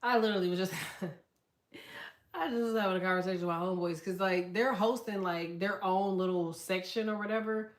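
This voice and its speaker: A woman hosting a casual livestream, telling stories in a loud, profane, animated way and reading out chat comments. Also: medium pitch, moderate pace, echoey room. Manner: profane, animated storytelling with quoted voices.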